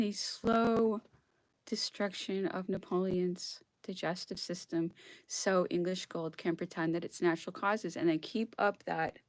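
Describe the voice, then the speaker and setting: A woman vlogger with a fairly low, creaky, slightly mellow voice reads history aloud, her solo monologue impassioned, punctuated by whispered asides, and verging on tears. It's a dry recording.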